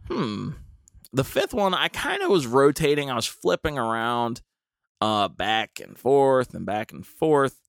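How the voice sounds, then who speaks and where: A young man hosts a laid-back podcast in a loose, rambling way, stopping often to restart his thoughts. His voice has a gravelly fry running through it. The sound is close and dry, with no room around it. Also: medium pitch, a bit bright, no room sound. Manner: rambling, full of fillers and restarts. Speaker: podcast host. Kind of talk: casual podcast chat.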